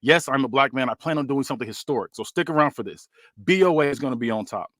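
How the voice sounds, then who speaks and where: A man's voice: mid-range voice, lively intonation, quick pace, a bit bright, no room sound, clean studio sound, lightly acted. A man voicing an irritated, defiant male company owner who talks firmly and curses while reading out a fantasy wrestling script. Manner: indignant, firm, cursing. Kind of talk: read-aloud fantasy wrestling booking.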